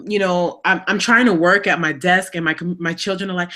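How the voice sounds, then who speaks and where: A woman on a talk show, candidly telling a personal story with lots of fillers, getting animated as she retells it. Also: medium pitch, a little fast, hardly any pauses.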